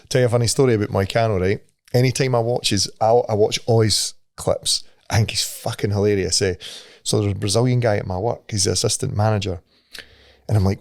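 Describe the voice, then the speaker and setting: A man's voice: fairly low pitch, creaky, a little mellow, no echo, clean studio sound. A Scottish man co-hosting a podcast in casual chat, swearing freely and laughing at his own stories. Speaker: podcast co-host.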